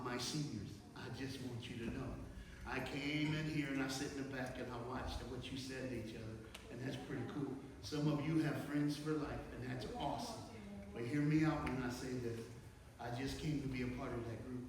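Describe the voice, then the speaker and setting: A man from Texas giving a motivational school assembly speech, telling his story in an animated way that swings between hushed and loud. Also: mid-range voice. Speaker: motivational speaker. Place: large school hall. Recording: echoey hall, far from mic, noisy.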